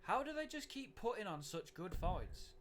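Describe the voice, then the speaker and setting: A man's voice: high-pitched, very animated, normal speed, a bit bright. A man chatting casually on a podcast, often agreeing with the others. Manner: agreeable, backchannels a lot. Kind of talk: casual chat.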